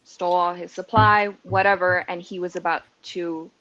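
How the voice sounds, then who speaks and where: Woman, low voice, very slow, muffled lo-fi sound, casual chat. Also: steady tone, fairly bright tone. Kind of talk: casual true-crime panel chat.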